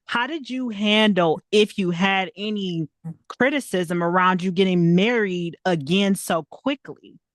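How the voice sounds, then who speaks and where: A woman's voice: mid-range voice, a little slow, no room sound, studio quality. A woman hosting a conversational interview, affirming and playful, often checking in with "right?". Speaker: podcast host.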